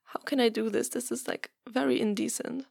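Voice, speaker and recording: A woman's voice: fairly high pitch, fairly even intonation, fairly quick, gravelly, darkish tone, no echo, clean studio sound. A woman in a whispered role-play, talking in a pleading, hesitant way that often drops to a whisper. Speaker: audio role-play performer.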